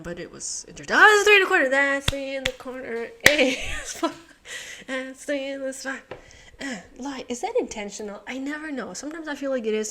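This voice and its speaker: A woman's voice: mid-range voice, a little hiss or hum. A woman hosting a puzzle channel, thinking aloud as she solves, muttering to herself, swearing and laughing often.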